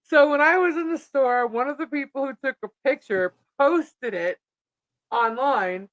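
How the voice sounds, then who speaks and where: Chatty, animated woman telling a story. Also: high voice, measured pace, no echo, highs cut off. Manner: animated, chatty, acts out quoted dialogue. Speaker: podcast co-host. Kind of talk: live casual chat, storytelling.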